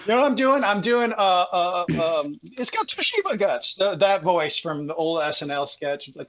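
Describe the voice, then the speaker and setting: A man's voice: sits high, very animated, a little slow, a bit bright, low-quality recording. A man joking and laughing through a comedic live reading, self-mocking. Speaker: cast member of a live reading show.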